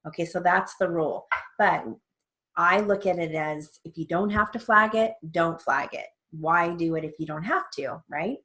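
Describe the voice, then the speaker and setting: A woman's voice: fairly low pitch, normal speed, pushed and bright. A woman teaching stenography theory in a recorded lesson. She explains patiently, step by step, spells out letters one at a time, and often checks in with "okay". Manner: frequent fillers and check-ins like okay.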